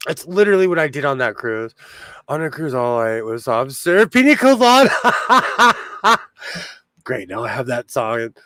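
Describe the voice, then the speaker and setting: A man's voice: medium pitch, sing-song, moderate pace, sharp tone, no echo, clean studio sound. Chatty man hosting a sewing stream. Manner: chatty, laughs often, answers chat. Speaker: sewing livestream host. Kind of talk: casual live-stream chat.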